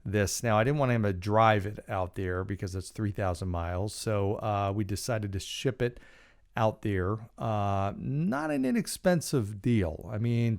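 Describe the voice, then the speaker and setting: A man's voice: on the low side, clear, resonant tone. A middle-aged man hosting a podcast, telling a personal story in a casual, rambling way with lots of fillers and restarts. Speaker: podcast host.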